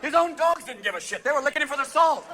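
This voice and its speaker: Manic high-voiced man doing stand-up. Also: animated, sharp tone. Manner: manic, rapid-fire, constantly jumping into voices and impressions. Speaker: stand-up comedian. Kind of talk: stand-up comedy performance. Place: theater stage before a live audience. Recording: live show recording with crowd laughter and noise.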